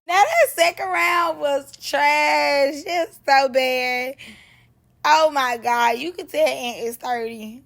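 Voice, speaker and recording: High-voiced woman giving animated reaction commentary. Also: a little slow, creaky. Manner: animated, slangy, laughs often. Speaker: reality show reaction vlogger.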